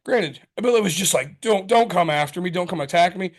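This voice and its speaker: A man's voice: sits high, animated, fairly quick. A man co-hosting a casual podcast chat, heated and profane, telling stories with acted-out quotes. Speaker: podcast co-host.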